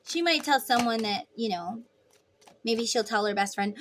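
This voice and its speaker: A woman's voice: on the high side, normal speed, a bit bright. A woman giving a rambling, chatty tarot reading who acts out imagined lines for the people in it. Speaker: tarot reader. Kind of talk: casual tarot reading monologue.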